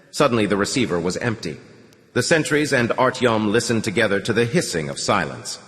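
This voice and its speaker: Male audiobook narrator with a long reverb. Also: fairly low pitch. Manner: measured, steady storytelling.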